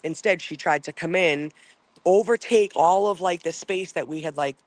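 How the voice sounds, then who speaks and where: Male streamer, angry rambling profane rant, slightly high pitch, dry close-mic sound. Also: normal speed, no room sound. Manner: reads and answers chat comments. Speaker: livestream host. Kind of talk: casual livestream rant.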